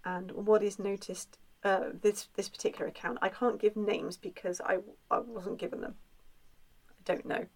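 A woman telling a spooky folk tale in a relaxed, chatty way, with frequent filler sounds. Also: mid-range voice, normal speed, poor audio. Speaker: storyteller. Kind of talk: conversational folklore storytelling.

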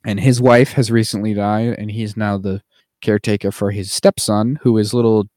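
A man's voice: lowish voice, level tone, normal speed, warm tone, dry recording, clean studio sound. A man co-hosting a podcast, casually recapping a movie with lots of fillers and the odd mocking put-on voice. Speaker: podcast co-host. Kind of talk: casual chat.

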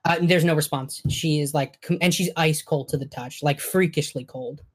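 A woman's voice: low voice, normal speed. A woman narrating as game master, loose and hesitant with many fillers.

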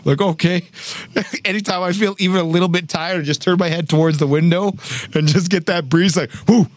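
A young man telling a story in casual chat, animated and acting out quotes, with frequent laughs. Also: sits high, brisk, no room sound. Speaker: podcast co-host telling a story.

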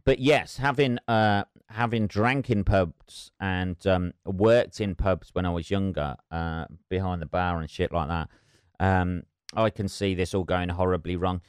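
A man's voice: deep voice, steady tone, measured pace, smooth, no echo, studio quality. A man hosting a solo podcast, rambling and wry with constant swearing, sipping tea as he talks. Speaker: podcast host.

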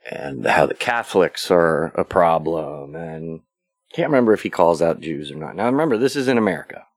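A man hosts his own podcast alone, walking through a film scene by scene in a loose, conversational way. His voice sits very low, and the recording is close and dry, with no room sound. He pads his thoughts with fillers and drops into quick quoted asides. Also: dry recording. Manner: rambling, relaxed retelling with fillers and brief quoted asides. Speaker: podcast host. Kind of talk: casual solo podcast recap.

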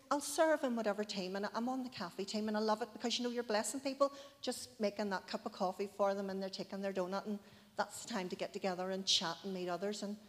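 A woman in her forties giving a heartfelt, chatty personal testimony in church, with many asides. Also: mid-range voice. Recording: long hall reverb.

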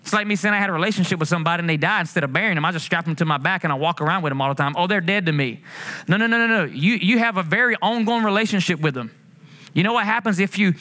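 Male pastor, high and bright, preaching with animated passion, sermon delivery. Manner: preaching with animated swings, rising passionately and drawing out quotes.

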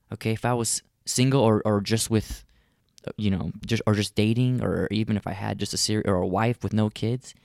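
A man's voice: fairly low pitch, a little mellow, no room sound, clean studio sound. A man in his thirties ranting in a comic monologue, rambling and profane, with exaggerated complaining. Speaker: comedian.

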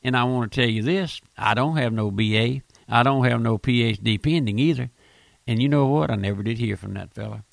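A man's voice: mid-range voice, a little fast, gravelly, no room sound. A man preaching a radio sermon, fervent and repetitive, often restarting his phrases.

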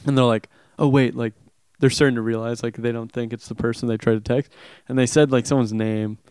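A man's voice: mid-range voice, fairly even intonation, fairly quick, a little mellow, clean tone, dry recording, clean studio sound. A young man, a comedian, telling rambling stories in casual chat and laughing often.

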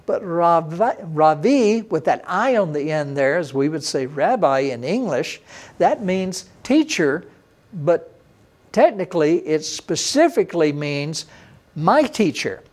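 A middle-aged man, a pastor, preaching a sermon with emphatic swings between loud, high bursts and quiet, low passages. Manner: emphatic preaching with sudden rises and drops in pitch and loudness.

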